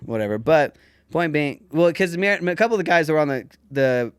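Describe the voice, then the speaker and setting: A young man hosting a podcast, telling high school stories in casual chat, animated and full of swearing, loudly acting out quotes. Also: brisk, clear, resonant tone, dry recording, clean studio sound. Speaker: podcast host.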